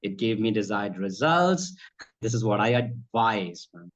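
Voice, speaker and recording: Speaking a little slowly in a low, animated voice, this spoken English and accent trainer, a Bhojpuri native speaker, answers interview questions conversationally. He is earnest and advisory, repeatedly addressing her as ma'am, on slightly dull lo-fi audio.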